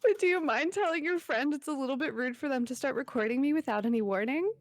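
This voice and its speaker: A woman's voice: sits high, fast talker, natural voice. Woman reading as a sweet teasing game girl. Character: cheerful self-aware young female game girl. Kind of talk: reading game dialogue aloud.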